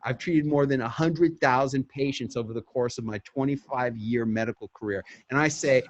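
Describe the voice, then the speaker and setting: A man delivering an upbeat, emphatic sample media pitch, acting it out as if on a phone call. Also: normal speed, no echo.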